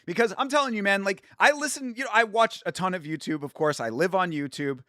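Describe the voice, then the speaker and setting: A man hosting a watch-along from home, chatting casually, rambling, laughing at his own jokes and sometimes bursting out loud. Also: sits high, fast talker, dry recording, clean studio sound. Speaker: YouTube host doing a watch-along. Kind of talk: casual live commentary.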